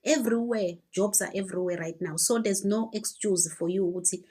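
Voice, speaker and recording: A woman's voice: mid-range voice, fairly quick, mellow, husky. South African woman lecturing her viewers. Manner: lecturing, rhetorical questions, code-switching. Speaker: commentator. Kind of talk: social commentary to camera.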